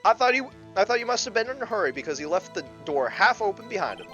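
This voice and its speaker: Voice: medium pitch, sing-song, fast, sharp tone, highs cut off, faint music behind, voice pushed up. An amateur fan dubber voicing a sleazy male newspaper salesman in a video game, with an attempted New York accent. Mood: nervous testifying.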